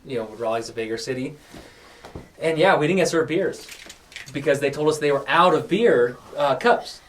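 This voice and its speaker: A man's voice: on the high side, animated, normal speed, fairly bright tone, distant mic, a little hiss or hum. A young man from New Mexico hosting a podcast, telling stories in casual chat and acting out the people in them. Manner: storytelling, acts out quoted people. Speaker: podcast host.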